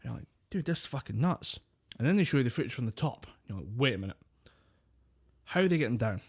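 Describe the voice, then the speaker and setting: A man's voice: medium pitch, big pitch swings, quick pace, husky. A man co-hosting a podcast, telling long rambling stories in casual chat, swearing freely and laughing often. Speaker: podcast co-host.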